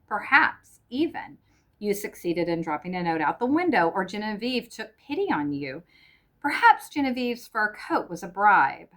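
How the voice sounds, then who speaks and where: A woman reading the part of a cold, sarcastic middle-aged husband who speaks deliberately and with mockery. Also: medium pitch, very animated, a bit bright. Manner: irritable, mocking, deliberate.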